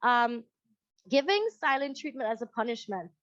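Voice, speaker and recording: A psychologist, a high-voiced woman with a Guyanese accent, speaks to an audience over a video call at normal speed. She is conversational and animated, putting on other voices to act out what parents say. The audio is dry and slightly dull, like a call mic.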